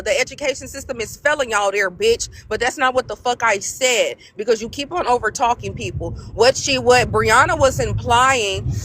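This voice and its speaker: A woman's voice: a little high, a bit bright. A woman in a heated live debate who curses freely, trades insults and repeats her points over and over. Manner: cursing, insulting, repeats phrases. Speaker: debate participant.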